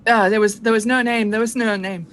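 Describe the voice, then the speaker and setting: A woman's voice: fairly high pitch, steady tone, a little fast, fairly bright tone, a little hiss or hum, lightly acted. A woman voicing a frightened young male pirate gunner who stammers and repeats himself. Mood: fearful, rambling.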